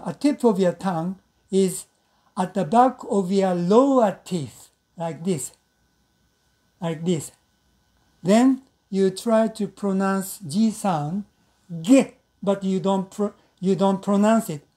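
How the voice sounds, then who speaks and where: In an unhurried lesson, this English pronunciation teacher, whose first language is Japanese, speaks at a medium pitch in a soft, mellow voice, pausing with fillers. Drawn-out nasal hums and slowly repeated example words give students something to imitate.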